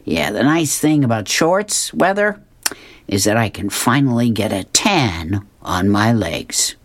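A man's voice: fairly low pitch, big pitch swings, unhurried, no echo. A man voicing a chatty middle-aged mailman from a comic strip.

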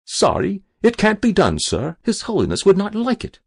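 Man putting on a river keeper, clipped polite refusals, raised pitch, gravelly, dry sound. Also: huge pitch swings, moderate pace, no echo, full character voice. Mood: firm. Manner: politely implacable, clipped replies. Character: weary deferential male river keeper.

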